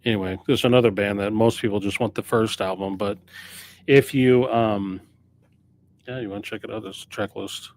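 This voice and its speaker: Record store dude rambling on his stream, kinda low voice, keeps correcting himself. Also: steady tone, normal speed. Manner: rambling, off-the-cuff, self-correcting. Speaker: record store owner streaming new arrivals. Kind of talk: casual live-stream chat.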